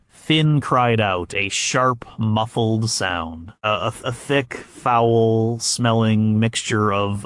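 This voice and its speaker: A man narrating a scripted history documentary in a measured way, with occasional stumbles and fillers. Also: lowish voice, no room sound, studio quality.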